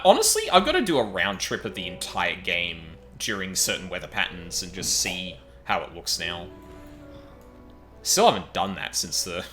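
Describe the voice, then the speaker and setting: Male streamer, laid-back and sweary, bright lively voice. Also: deep voice. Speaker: game streamer. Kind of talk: casual gameplay commentary.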